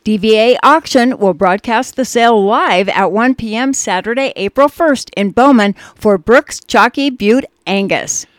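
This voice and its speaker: A woman co-hosting a radio show, reading ads in an upbeat, brisk manner. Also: on the high side, no echo. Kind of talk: radio ad reads.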